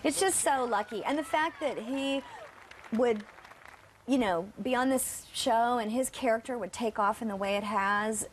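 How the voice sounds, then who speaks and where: A woman's voice: a little high, unhurried, a little hiss or hum. A woman from the United States, a guest actress chatting casually in an interview and laughing often. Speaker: guest actor and singer.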